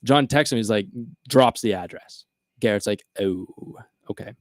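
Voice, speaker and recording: A man's voice: fairly low pitch, moderate pace, dry recording, studio quality. A man co-hosting a casual chat, telling a long story and acting out his friends' lines. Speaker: podcast co-host.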